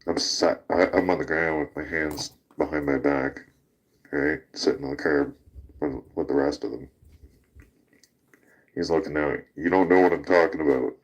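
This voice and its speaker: A man's voice: rumbling low, fairly even intonation, normal speed, long pauses. A man hosting a casual talk show, telling a rowdy story with laughter and swearing. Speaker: podcast host.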